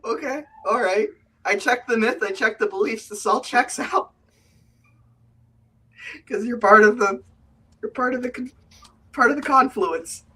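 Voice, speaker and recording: A man running a tabletop game as game master, a lively storyteller who tells the story, explains the rules and tells anecdotes. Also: breathy edge. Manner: lively storyteller, quick shifts into high put-on voices. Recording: voice from a distance.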